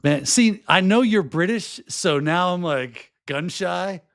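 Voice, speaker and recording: A middle-aged man hosting a podcast in casual chat, hoarse and losing his voice, rambling and slipping into put-on accents. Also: high-pitched, expressive, takes it slowly, fairly bright tone. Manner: chatty and rambling, often breaking into put-on accents. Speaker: podcast host.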